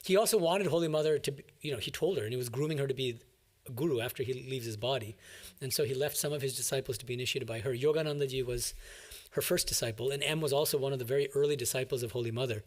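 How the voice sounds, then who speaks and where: A man's voice: medium pitch, racing. A man, a monk, giving an emphatic, explanatory commentary on a scripture reading to a class.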